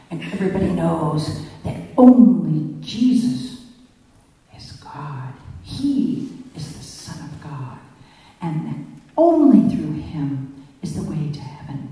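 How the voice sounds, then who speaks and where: A woman voicing a furious, threatening man who shouts threats and accusations. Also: low-pitched, heavily acted. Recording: echoey hall from far off.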